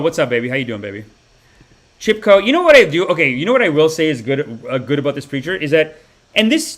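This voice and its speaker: A man in his thirties from Canada hosting a live-stream podcast of satirical commentary, profane and animated, swinging between loud outbursts and mumbled asides. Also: fairly high pitch. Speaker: podcast host.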